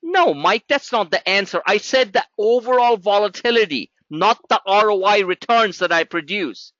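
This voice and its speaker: A man's voice: sits high, animated, moderate pace, a bit bright, no room sound, muffled recording. A man teaching a live trading class in a blunt, sarcastic, scolding way. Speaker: trading educator.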